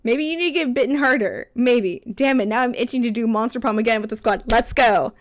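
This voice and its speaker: A woman's voice: a little high, fairly quick. A young woman streaming live, chatting with her viewers while reading a story game aloud. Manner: chatty, reads game text aloud, answers chat.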